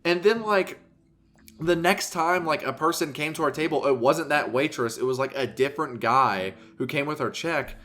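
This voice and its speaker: A man's voice: fairly high pitch, moderate pace, a bit bright. A young man co-hosting a casual podcast, telling a story animatedly, swearing freely and mimicking other people's voices. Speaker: podcast co-host.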